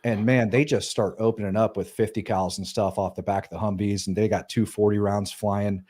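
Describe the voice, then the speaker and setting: A middle-aged man, a former soldier, telling war stories casually in an animated, profane way. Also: fairly low pitch, brisk, slight background noise. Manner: animated, profane, acts out quoted voices. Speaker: podcast guest, former Green Beret. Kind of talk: casual storytelling.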